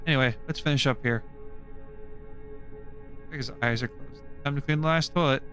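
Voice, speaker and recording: A man's voice: mid-range voice, normal speed, sharp tone, soft background music. A man streaming a game, chatting casually with mumbled asides. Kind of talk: live game playthrough commentary.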